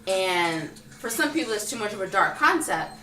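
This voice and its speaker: Animated woman vlogger in an echoey room. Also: mid-range voice, normal speed. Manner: animated, acts out characters' lines. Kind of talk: casual film review chat. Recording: roomy echo, distant mic, faint music.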